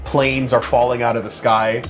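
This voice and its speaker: A man's voice: medium pitch, level tone, normal speed. A man hosting casual, joking commentary over a video game, with lots of banter. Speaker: host, let's play commentator. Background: game music.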